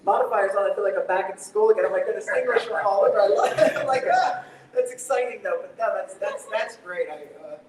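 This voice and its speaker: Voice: mid-range voice, quick pace, hardly any pauses. A talk show host interviewing a guest live, enthusiastic and chatty with rambling questions. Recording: echoey public space, distant mic, background noise.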